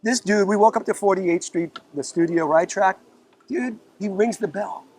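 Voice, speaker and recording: A high-pitched man from the Bronx, New York, speaks at a moderate pace with a little hiss or hum on the recording. He's a musician guest telling stories casually and profanely in a park, animatedly acting out the quotes.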